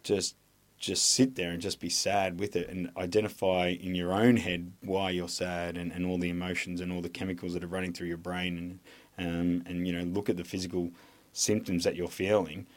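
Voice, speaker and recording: A man's voice: deep voice, flat delivery, moderate pace. An Australian man, an army veteran, talking candidly in an interview in a rambling way, with lots of hesitation and frequent swearing.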